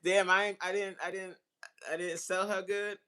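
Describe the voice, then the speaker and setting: A woman coaching on relationships in a casual live-stream chat, excitable and talking straight to her viewers as y'all. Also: mid-range voice, normal speed, smooth.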